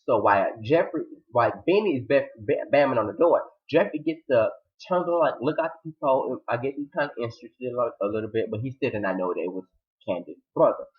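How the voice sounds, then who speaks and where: A man giving an animated recap of a TV episode, acting out the characters' lines with sudden high-pitched outbursts. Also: quick pace, highs cut off. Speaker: TV episode reviewer.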